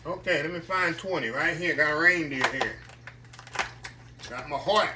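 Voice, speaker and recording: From his home kitchen, a talkative man with a Southern American accent hosts a casual cooking vlog and often addresses his audience as "y'all." His voice is a little high, his pace moderate, and background noise is audible.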